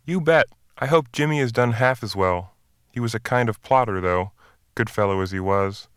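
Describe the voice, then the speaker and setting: A man's voice: lowish voice, normal speed, clean tone, no echo, studio quality, close to an everyday voice. A man reading the part of a boastful, self-assured middle-aged drifter from the West, in a hearty storytelling manner.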